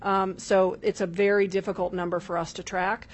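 Her voice mid-range and level in tone, a woman from state corrections addresses the chair during formal testimony at a legislative hearing, speaking in a measured way peppered with filler ums.

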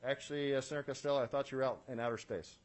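Man, committee chair, brisk pace, average pitch, procedural and businesslike, filler-heavy, dry asides, legislative hearing room. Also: fairly even intonation, crowd noise. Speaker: state senate committee chair.

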